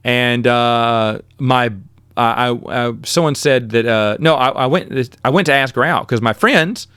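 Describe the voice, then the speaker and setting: A middle-aged man, host of his own podcast, casually telling rambling, self-deprecating stories and jumping up high in pitch when he quotes himself. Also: unhurried, clean tone, no echo. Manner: animated, with sudden jumps in pitch when quoting himself. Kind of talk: casual storytelling.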